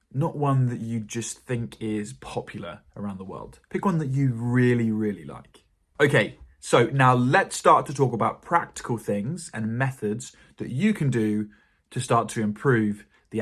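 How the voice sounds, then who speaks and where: A man with a British RP accent teaching a pronunciation lesson in a calm, encouraging way. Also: mid-range voice, breathy edge. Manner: calm, encouraging explanation to learners. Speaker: English teacher.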